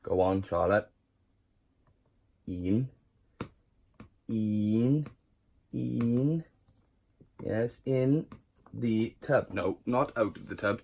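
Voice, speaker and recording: Chatty man with a low voice. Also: extremely slow, vocal fry, pauses often, a little mellow. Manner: chatty, swears freely, coaxes and scolds his spiders. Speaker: tarantula keeper showing his collection. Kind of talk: casual room-tour vlog. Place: bedroom at home.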